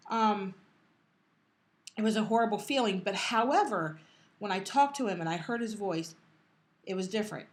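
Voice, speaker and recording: A woman's voice: mid-range voice, lively intonation. Middle-aged woman telling an emotional story. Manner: emotional, halting with restarts, quoting others. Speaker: podcast co-host. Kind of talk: casual storytelling.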